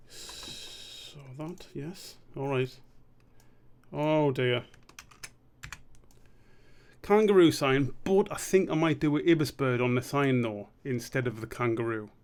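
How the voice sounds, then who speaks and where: A man's voice: medium pitch, measured pace, darkish tone, slight background noise. A man streaming a drawing session, rambling and muttering to himself, swearing freely as he works. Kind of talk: casual live-stream commentary while drawing.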